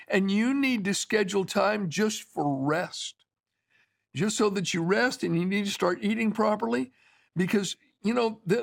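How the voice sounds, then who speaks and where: A man's voice: high voice, creaky. A man preaching a sermon in a conversational, storytelling way, with asides to his listeners.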